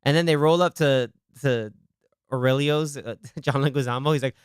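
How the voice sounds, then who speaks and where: A man's voice: medium pitch, moderate pace, smooth, no room sound. A man hosting a casual movie podcast, talking with animation and acting out scenes in quoted voices on a studio mic. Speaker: podcast host.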